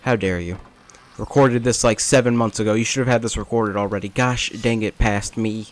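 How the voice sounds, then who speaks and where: A young man with a fairly low pitch and steady tone rambles at a moderate pace through let's-play commentary. He mocks himself throughout, tossing in jokes and asides.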